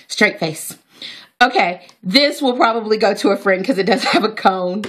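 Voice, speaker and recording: A woman chatting excitedly to her viewers as she unboxes hair products in a casual vlog. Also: mid-range voice, moderate pace. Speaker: natural hair vlogger.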